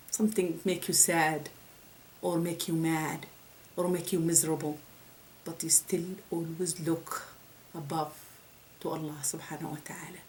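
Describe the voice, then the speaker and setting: Halting woman giving a faith talk. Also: fairly low pitch, a little mellow, low-quality recording. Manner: halting, with many restarts and repeated words. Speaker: religious speaker.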